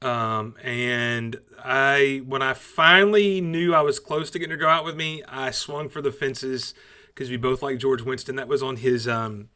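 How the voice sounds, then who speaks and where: Bright-voiced Southern man, joking. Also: medium pitch, steady tone, moderate pace. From Southern United States. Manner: joking, teasing storyteller. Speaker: co-host. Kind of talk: casual chat.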